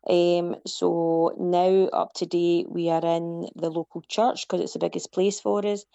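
A woman's voice: fairly low pitch, level tone, measured pace, gravelly, warm tone, no echo. A woman who runs a community choir, speaking earnestly over the phone and explaining things in plain steps. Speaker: choir founder and hairdresser. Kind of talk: phone interview. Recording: dull phone line.

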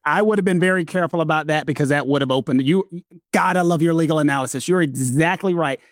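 A man from the American South with a Southern accent, co-hosting a casual legal discussion, animated and emphatic. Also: a little high, quick pace, no room sound, clean studio sound. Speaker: legal commentator co-host.

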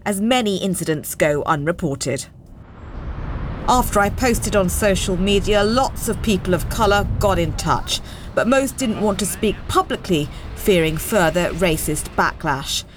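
A woman reporter reading a scripted news report in a measured way. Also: medium pitch, expressive, noisy background.

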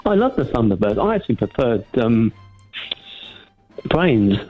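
A man's voice: mid-range voice, very animated, unhurried, narrow, tinny audio, soft background music. A man from Ilford calling a radio football phone-in, rambling and hesitant with plenty of ums. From Ilford, London. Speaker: phone-in caller. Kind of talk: casual radio call.

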